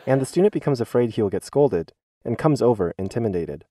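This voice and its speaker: A man voicing a schoolteacher's church testimony as a dubbed voice-over, in an earnest, measured reading. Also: mid-range voice, expressive, warm tone, a little hiss or hum.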